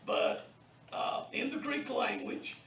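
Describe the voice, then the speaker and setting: A man lecturing to a small class, his voice high, gravelly and lively in pitch. He talks slowly and carefully, sounding out each word for the students. The recording is echoey and distant, with a faint hiss underneath. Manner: slow, deliberate, pronounces words for students to repeat. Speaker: Bible college Greek teacher. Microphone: distant room mic.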